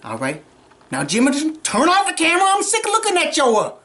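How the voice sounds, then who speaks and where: A man's voice: extremely high pitch, wildly swooping pitch, brisk, bright, forceful tone, full character voice. A man playing a folksy redneck cooking-show host, boastful and bossing his cameraman around in a home kitchen. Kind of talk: comic cooking demonstration. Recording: roomy kitchen echo.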